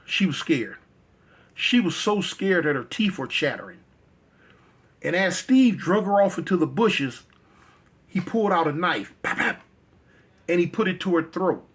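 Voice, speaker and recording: A man's voice: high voice, big pitch swings, a little slow, long pauses, slightly rough. A male storyteller telling a dramatic tale in a conversational, repetitive way.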